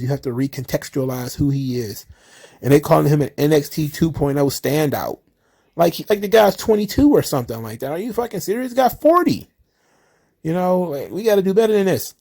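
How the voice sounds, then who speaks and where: Guy ranting about wrestling alone on his show, kinda high voice, does goofy impressions. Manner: animated, mocking impressions of wrestlers, laughs often. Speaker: wrestling commentary host. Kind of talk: casual solo commentary.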